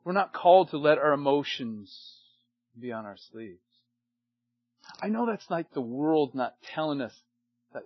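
An older man preaching a sermon to men, emphatic, swinging between loud bursts and hushed lines. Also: a little high, animated, unhurried, pauses often, dry recording, lo-fi sound. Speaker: pastor.

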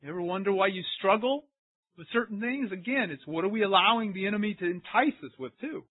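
A man's voice: sits high, fast talker, slightly rough, dry recording. A man preaching a sermon and asking his congregation questions as he goes. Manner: animated, asks the congregation questions. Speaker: pastor. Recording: tinny, phone-like sound.

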